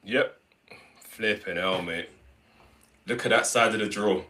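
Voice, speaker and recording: A man's voice: lowish voice, a little slow, sharp tone. A man co-hosting a football fan livestream, talking casually and bluntly about the draw. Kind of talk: casual live chat.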